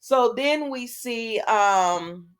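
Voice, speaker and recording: A woman's voice: on the high side, animated, drawn-out words, smooth. A woman hosting a casual soap opera recap, chatting loosely and retelling scenes through quoted dialogue, with plenty of fillers and offhand asides.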